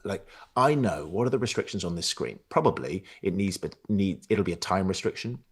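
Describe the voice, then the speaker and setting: A man's voice: low voice, brisk, breathy edge. A man, a guest voice actor chatting emphatically on a podcast. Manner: emphatic, animated storytelling with quoted asides. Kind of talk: casual podcast chat.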